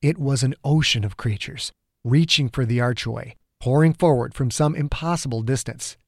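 A man's voice: medium pitch, gravelly, a little mellow, no room sound, clean studio sound. Man narrating a dramatic thriller. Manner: dramatic, measured storytelling. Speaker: author narrating his serialized story. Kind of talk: scripted audiobook narration.

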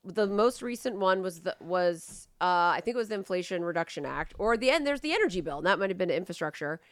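A woman's voice: lowish voice, fast, no room sound, clean studio sound. A woman co-hosting a podcast, ranting casually with lots of swearing and rambling. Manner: profane, rambling, animated rants. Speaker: podcast co-host. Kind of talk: casual chat.

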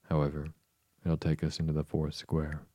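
A man voicing a polite but impatient young girl in a slow, soft bedtime storybook reading. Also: extremely low pitch, completely flat delivery, no echo, clean studio sound.

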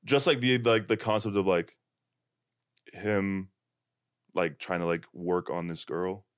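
A man's voice: low voice, fairly even intonation, a little slow, clear, resonant tone, dry recording, clean studio sound. A man hosting a podcast in a casual, rambling way with lots of fillers. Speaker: podcast host. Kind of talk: casual chat.

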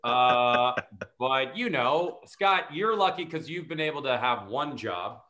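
A man's voice: medium pitch, expressive, slow pace, sharp tone. A man who is an actor and comedian, chatting as a guest with a joking, self-mocking manner. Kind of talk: casual chat.

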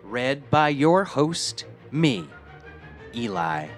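A man narrating a classic fairy tale as host, measured and expressive. His pitch moves animatedly through the telling. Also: faint music behind. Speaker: host and reader. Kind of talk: storybook narration.

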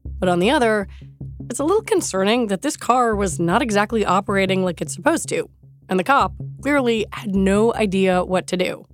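A woman hosting a technology podcast, narrating in a measured, scripted way. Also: mid-range voice, animated, soft background music. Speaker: host.

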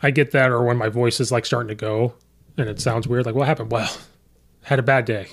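A man's voice: medium pitch, fairly even intonation, a little fast. A man hosting a podcast, chatting casually and telling coaching stories, quoting his players and himself. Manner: storytelling, quotes players and himself. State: voice sometimes hoarse from coaching. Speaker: podcast host and high school coach.

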